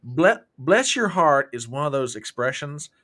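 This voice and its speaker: A man from the American South with a Southern accent, hosting a casual chat and telling folksy sayings in an animated way. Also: mid-range voice, unhurried, background noise. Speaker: podcast host.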